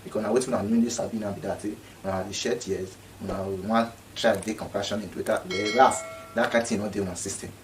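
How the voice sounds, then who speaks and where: A man's voice: lowish voice, steady tone, quick pace, hardly any pauses, far from the mic, over music, low-quality recording. A man speaking Nigerian Pidgin English, giving an indignant, repetitive casual commentary. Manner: indignant, repeats himself.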